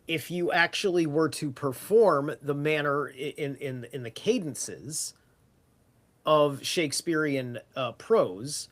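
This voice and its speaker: Man, rambly podcast talker, highish voice, casual swearing. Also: fairly bright tone.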